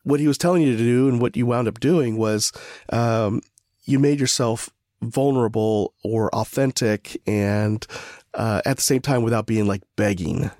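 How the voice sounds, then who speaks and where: A male podcast host with a mid-range voice, recorded close and dry. He works through his questions in a relaxed, thinking-aloud way. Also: medium pitch, normal speed, dry recording. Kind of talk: conversational interview.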